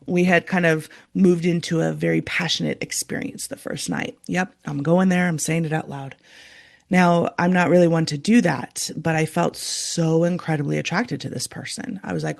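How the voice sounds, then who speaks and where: A woman's voice: sits low, fairly even intonation, normal speed, gravelly. A woman hosting a podcast, talking earnestly and confessionally as a coach about her own relationships. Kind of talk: personal storytelling monologue.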